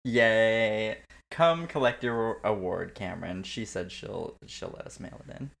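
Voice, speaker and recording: A man's voice: lowish voice, a little slow, gravelly, fairly bright tone. A man co-hosting a podcast in casual, giggly, joking chat. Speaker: podcast co-host.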